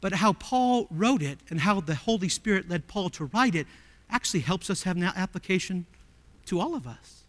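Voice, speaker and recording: A male pastor preaching a sermon emphatically, with many rhetorical questions, swinging from loud appeals to hushed tones. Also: sits high, animated, moderate pace, in a large hall.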